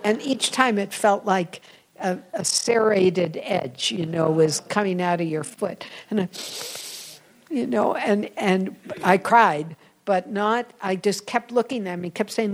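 Woman preacher type, earnest and intimate, uses hushed asides, average pitch. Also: unhurried, poor audio. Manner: earnest, intimate, drops to whispers for emphasis. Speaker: speaker giving a spiritual talk. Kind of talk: sermon-style personal storytelling.

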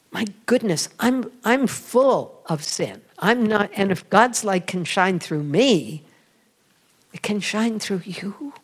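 Slow, storytelling woman preacher. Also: fairly low pitch, husky. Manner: storytelling, confiding, drops to soft whispers for emphasis; self-deprecating, laughs at herself. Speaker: religious speaker with a radio program. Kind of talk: sermon-style testimony.

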